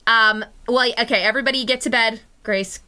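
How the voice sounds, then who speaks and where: A woman's voice: a little high, fairly even intonation, a little fast, sharp tone. A woman streamer, bubbly, rambling and apologetic, chatting casually while signing off.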